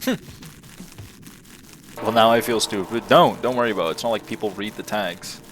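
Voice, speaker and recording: A man's voice: lowish voice, normal speed, a bit bright, a little hiss or hum. A man live-streaming a video game, chatting and reading game dialogue aloud in playful voices. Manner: reads game lines in playful character voices. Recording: game music behind.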